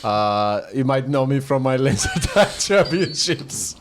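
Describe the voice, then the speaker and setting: A man's voice: mid-range voice, lively intonation, measured pace, a little hiss or hum, close to an everyday voice. A man playing a forgetful, boastful laser tag champion with a put-on Moroccan accent, rambling and giggling.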